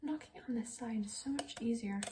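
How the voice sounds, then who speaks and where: A woman's voice: fairly high pitch, a little fast, echoey room, recorded from a distance, very noisy. A woman chatting casually while baking for her channel, playful and goofy. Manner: playful, goofy, makes silly noises. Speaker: YouTuber baking on camera. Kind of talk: casual baking vlog chat. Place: home kitchen.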